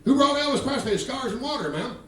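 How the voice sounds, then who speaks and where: Working the crowd at a comedy club, a man in his 50s delivers a profane stand-up set full of teasing and drawling stories. His voice is very high-pitched, lively, and quick. Captured from a distance in a roomy space, the clip carries background noise, guitar, and laughter.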